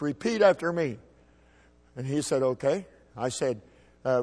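A middle-aged man preaching a sermon as a pastor, folksy and emphatic, with shouted peaks. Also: on the high side, brisk, in a large hall. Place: church sanctuary.

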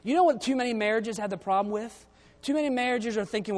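A man's voice: extremely high pitch, fast talker. A man preaching a sermon, reading scripture verses aloud and then explaining them in a conversational way. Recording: long reverb of a church hall.

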